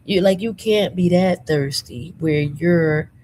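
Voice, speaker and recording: A woman hosting a casual commentary show from her room at home, sassy and animated with lots of slang, a little under the weather. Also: fairly low pitch, slow pace, a little hiss or hum, poor audio. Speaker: commentary channel host.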